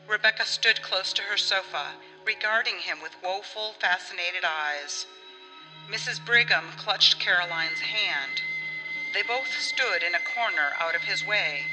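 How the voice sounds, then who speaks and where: A woman narrating an audiobook story in an expressive way, acting out the dialogue. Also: mid-range voice. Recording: long reverb with faint music.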